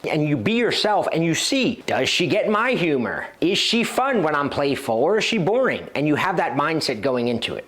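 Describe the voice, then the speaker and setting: A man's voice: on the high side, sing-song, normal speed, few pauses, a bit bright. A man teaching as a dating coach, speaking directly and confidently and acting out short example lines. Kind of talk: instructional talk to camera.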